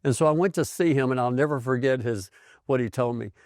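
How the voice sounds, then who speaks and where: An older man, a physician, tells his own health story in a lively, conversational way. He drops into the voices of people he quotes, and his voice sits at a middle pitch. The sound is close and dry, with almost no room around it. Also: a little fast, dry recording. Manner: animated storyteller who acts out quoted voices. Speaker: physician host.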